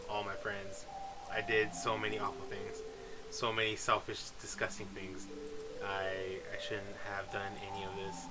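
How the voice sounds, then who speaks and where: A man's voice: fairly low pitch, natural voice, rough recording. A man reading aloud the lines of an obsessive, clingy young woman game character, with little change of voice. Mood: remorseful.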